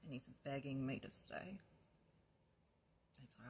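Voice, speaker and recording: A woman's voice: extremely low pitch, moderate pace, a little hiss or hum. A woman casually telling her own life story, candid and blunt, swearing freely and laughing often. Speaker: vlogger sharing her recovery story.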